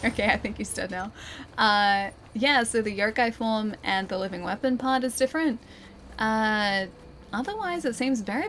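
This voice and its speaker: A young woman with an Australian accent chats through a game as a streamer, laughing often and joking at her own expense. Her voice sits at an ordinary middle pitch for a woman, and a faint ambient hum lies under it. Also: fairly bright tone. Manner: chatty, giggly, self-deprecating. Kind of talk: casual gameplay commentary.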